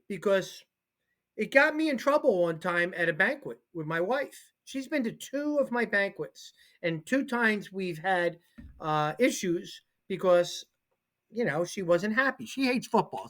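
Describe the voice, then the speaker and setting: A man in his forties, both a football coach and co-host of a sports talk show, tells rambling, self-deprecating stories. His high voice carries an excitable, casual energy.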